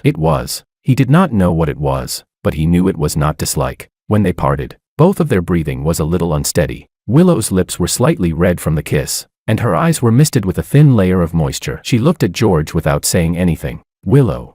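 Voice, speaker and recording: A man's voice: sits low, a little mellow, no room sound, studio quality. A man reading a romance story aloud, voicing every character's lines in his own voice. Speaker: narrator. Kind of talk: scripted romance narration.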